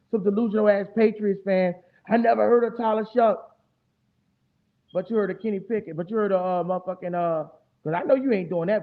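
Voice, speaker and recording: A man hosting a casual fan stream, talking fast and loose with a lot of profane, animated trash talk. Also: sits high. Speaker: fan show host. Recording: tinny phone-like audio.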